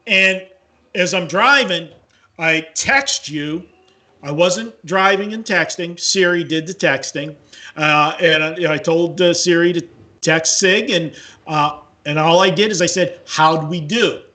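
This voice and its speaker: A man's voice: a little high, sharp tone. A man co-hosting a horse racing show, telling a rambling story in casual chat full of fillers. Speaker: co-host, horse racing handicapper.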